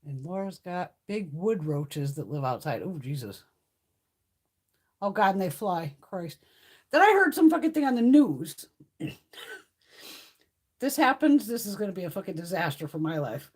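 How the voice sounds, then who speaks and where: A woman's voice: fairly high pitch, expressive, moderate pace, pauses often. A middle-aged woman hosting a beauty livestream, chatting casually with viewers and telling stories full of swearing and laughter. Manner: profane, laughing storyteller. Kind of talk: casual chat with live viewers.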